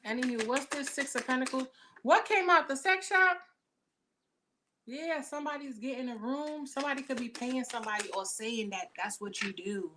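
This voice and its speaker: A woman's voice: high-pitched, moderate pace, background noise. Blunt, profane woman reading tarot. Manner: blunt, profane, slangy chatter. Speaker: tarot reader. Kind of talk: casual tarot reading to camera. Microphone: camera mic.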